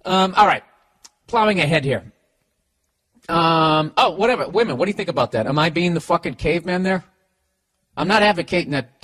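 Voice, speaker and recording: A man's voice: fairly high pitch, a bit bright, dry recording. A middle-aged man with a Boston accent, rambling through a profane, sarcastic comic monologue as a podcast host. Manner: profane, sarcastic, talks to his dog.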